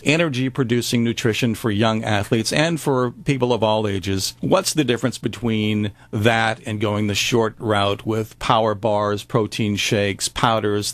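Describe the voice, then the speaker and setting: A man filling in as host of a radio talk show, chatting loosely and joking between introductions. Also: lowish voice. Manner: chatty, jokey asides.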